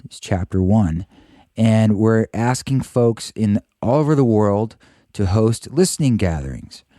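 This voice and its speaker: A man hosting a podcast, hoarse and husky from a cold, chatting loosely and joking about himself. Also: on the low side, expressive, unhurried, dark tone, no echo, studio quality. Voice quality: husky, croaky. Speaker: podcast host. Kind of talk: casual podcast intro.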